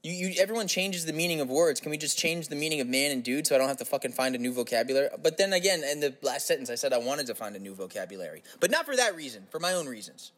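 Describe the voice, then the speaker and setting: A man's voice: a little high, lively intonation, very fast, few pauses, fairly bright tone. A young man rambling through a casual, profane comic podcast monologue. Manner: casual, profane, slips into silly put-on voices. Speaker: podcast host.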